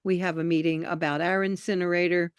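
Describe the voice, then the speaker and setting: Chatty low-voiced woman on a dry call. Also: a little fast, clean tone, dry recording. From New York state, US. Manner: chatty, animated, trailing off into quiet asides. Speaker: call participant, activist. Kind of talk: casual video call conversation. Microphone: video call.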